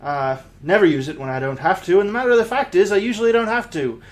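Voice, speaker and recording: A man voicing a huge, gentle, pacifist male firbolg paladin in a put-on rustic folk accent, friendly and bumbling. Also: sits high, expressive, quick pace, voice pushed up. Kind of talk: in-character introduction.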